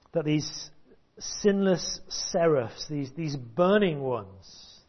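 A man preaching a sermon, emphatic and deliberate, with long pauses, repeated words and sudden hushed drops. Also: fairly high pitch. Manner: drops to a hush at key points. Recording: dull lo-fi recording.

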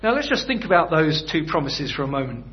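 A man delivers a sermon in an easy, conversational manner, tossing rhetorical questions to his listeners. His voice sits a little high for a man. The recording is dull and lo-fi. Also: very animated, a little fast. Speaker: preacher.

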